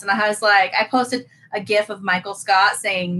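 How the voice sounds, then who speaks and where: A woman's voice: mid-range voice, moderate pace. A young woman co-hosting a live podcast, chatting animatedly and reading out viewer comments. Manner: animated, exclaims and reads viewer comments aloud. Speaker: podcast co-host. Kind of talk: casual chat.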